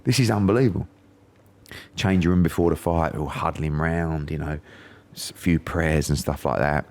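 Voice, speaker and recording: A man's voice: rumbling low, level tone, moderate pace, a little mellow. A middle-aged man from England, a podcast guest telling a story in casual chat and acting out quotes in raised voices.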